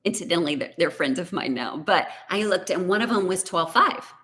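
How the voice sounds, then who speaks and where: A middle-aged woman, a business coach telling a chatty, animated story to a live online audience. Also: fairly low pitch, fairly quick. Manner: chatty, animated, says "y'all" and "like".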